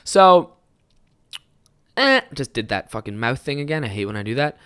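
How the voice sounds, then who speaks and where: A young man with a fairly high voice hosting a casual solo podcast, rambling and swearing a lot as he tells stories. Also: moderate pace, clean tone. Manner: rambling, heavy swearing, animated storytelling. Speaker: podcast host.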